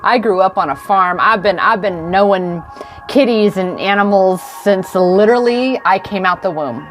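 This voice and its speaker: A woman's voice: mid-range voice, normal speed, faint music behind. A woman in her forties, an intuitive coach, giving a heartfelt, affirming card reading on a livestream. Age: 40s. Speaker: intuitive coach and tarot reader. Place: indoors in front of a camera.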